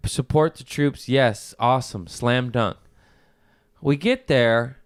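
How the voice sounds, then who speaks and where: A man's voice: medium pitch, slow pace, smooth, dry recording, studio quality. A man, a comedian guest on a podcast, telling rambling, profane stories in casual chat.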